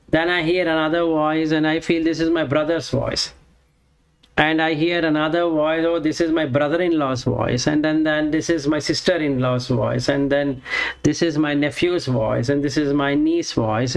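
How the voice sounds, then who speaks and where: Casting note: man, higher voice, unhurried Sanskrit scripture teacher who chants and then explains. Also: rough recording. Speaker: Vedanta teacher. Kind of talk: slow scripture lesson.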